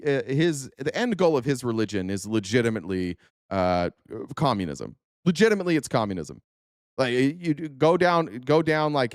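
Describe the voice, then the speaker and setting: A man's voice: medium pitch, no echo, clean studio sound. A man hosting a casual political commentary show, sarcastic and profane, firing off rhetorical questions. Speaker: host.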